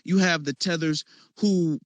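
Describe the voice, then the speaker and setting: A man hosting a casual online discussion, animated and mocking as he acts out the people he criticizes. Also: on the high side, unhurried, no echo. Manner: animated, mocking quoted voices.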